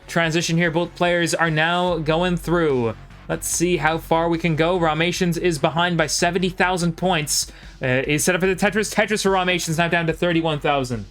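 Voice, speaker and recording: Man, a touch high-pitched, calling a game live and chatting with viewers, soft music underneath. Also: steady tone. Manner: quick play-by-play, chatting with viewers between plays. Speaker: commentator. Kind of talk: live game play-by-play commentary.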